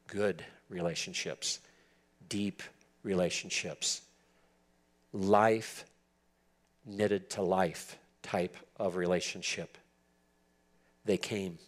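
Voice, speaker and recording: A man giving an expository sermon to church leaders, earnest and emphatic, repeating words for stress. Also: fairly low pitch. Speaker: preacher teaching church leaders.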